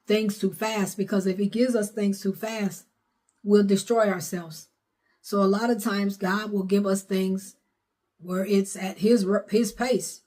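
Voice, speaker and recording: A woman's voice: mid-range voice, a little mellow. A middle-aged woman, preaching a sermon in a fervent, repetitive way. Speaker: prophetess preaching.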